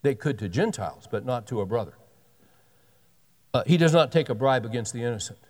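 A man's voice: medium pitch, lively intonation, fairly quick, a little mellow. A man in his sixties preaching a sermon, reading scripture aloud and breaking in with folksy joking asides. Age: 60s. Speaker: pastor. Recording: long hall reverb.

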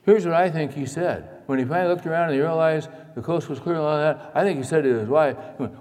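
A male pastor preaching a sermon in a church, dramatic, moving between loud emphasis and hushed asides. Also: a little high, quick pace, long reverb tail.

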